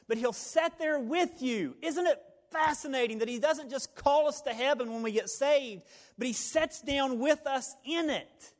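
A man preaching a sermon, swinging between hushed reflection and loud, joking asides. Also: very high-pitched, a little slow, in a large hall. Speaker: pastor.

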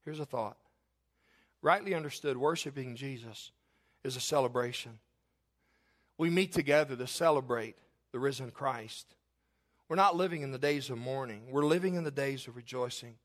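A man preaching a sermon as pastor, emphatic and rising into loud bursts. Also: mid-range voice.

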